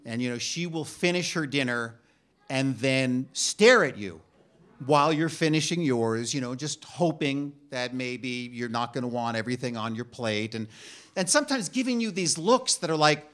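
A middle-aged man telling a funny personal story on stage, halting and self-deprecating with frequent restarts. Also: mid-range voice, lively intonation, fairly bright tone.

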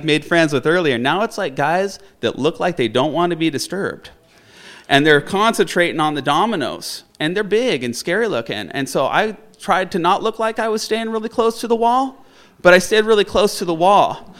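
A man telling a funny personal story, animated and often laughing, acting out the people in it. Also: fairly high pitch. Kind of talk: personal story told to an audience.

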